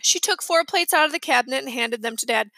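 A woman reading a children's chapter book aloud with lively storytelling. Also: high voice, fast talker, gravelly, no echo. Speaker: reader.

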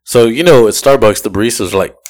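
With a fairly low pitch and a fast pace, this male podcast host recounts a story in relaxed chat. He swears, laughs a lot, stays animated throughout, and does impressions of the people in the tale.

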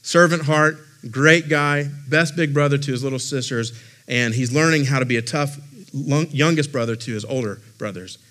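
Expressive man preaching a story-filled sermon. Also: mid-range voice, moderate pace. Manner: expressive, conversational preaching with self-deprecating humor. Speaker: lead pastor.

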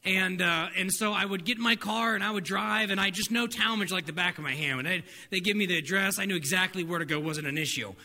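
A middle-aged male pastor giving a sermon, telling stories with energy and dropping softer for his main points. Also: quick pace, few pauses. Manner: animated storytelling with laughs and acted-out dialogue; drops soft and low for spiritual points. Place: church hall. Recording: reverberant hall, faint noise.

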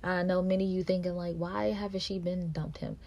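A woman podcast host, telling a personal story in a monologue and acting out quarrels in a louder, higher voice. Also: steady tone, fairly quick, creaky, dull audio. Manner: reenacts quarrels with raised pitch and volume.

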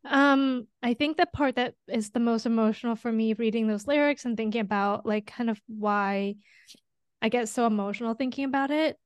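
A young adult woman, a pharmacist co-hosting a podcast, talking in a casual, earnest way and quick to get emotional. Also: on the high side, clear, resonant tone, no room sound.

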